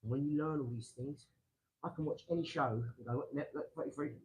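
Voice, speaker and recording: A man hosting a casual live stream from his garage, rambling excitably and talking straight to his viewers. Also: a little high, a little fast, a little hiss or hum, low-quality recording. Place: home garage.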